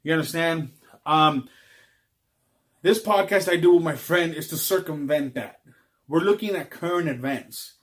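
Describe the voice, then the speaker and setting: Guy ranting on his vlog, kinda higher voice, lots of ums, rambly. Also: unhurried, long pauses. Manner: rambling, with frequent fillers. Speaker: vlogger. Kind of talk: casual ranting monologue.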